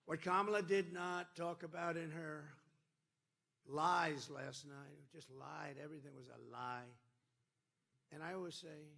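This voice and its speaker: A man giving a campaign rally speech, repetitive and emphatic, swinging between loud declarations and quiet asides. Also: a little high, steady tone, a little slow, creaky. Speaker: political candidate.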